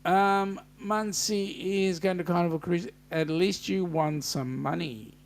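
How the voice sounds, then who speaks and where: A man's voice: high voice, slow, vocal fry. An Australian man hosting a live stream, reading out viewer comments and teasing the regulars with banter. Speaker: host.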